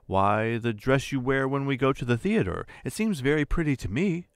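A man's voice: medium pitch, animated, normal speed, no room sound, clean studio sound, voice pushed up, lightly acted. A man voicing a timid, eager young clerk husband in an audiobook, pleading and stammering. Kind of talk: audiobook character voice.

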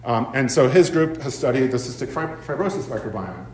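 Speaking a bit quickly, this male professor sounds animated, his mid-range voice carrying a darkish tone. His seminar lecture is full of ums and "right?" checks, recorded in an echoey university seminar room with slight background noise.

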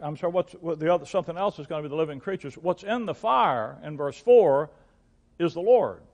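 A man's voice: fairly high pitch, expressive, brisk, a little mellow, lo-fi sound. An older man, a pastor, teaching through a Bible passage, often restarting and repeating words, and reading verses aloud in old-fashioned wording.

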